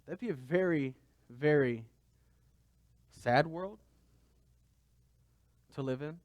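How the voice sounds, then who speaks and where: A man's voice: on the high side, takes it slowly, no room sound, dull audio. A man pastor giving a conversational sermon, asking the congregation rhetorical questions.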